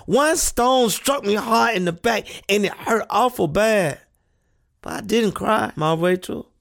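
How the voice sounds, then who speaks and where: A woman voicing an earnest, thoughtful seven-year-old boy, who speaks slowly and questioningly in an audio play reading. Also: mid-range voice, gravelly. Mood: hurt. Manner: slow, earnest childlike questioning.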